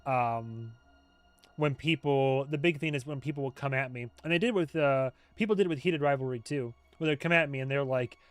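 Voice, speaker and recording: A man hosting a casual livestream chat as a TV show reviewer, rambling and joking, quick to laugh. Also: mid-range voice, soft background music. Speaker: YouTube host, TV show reviewer.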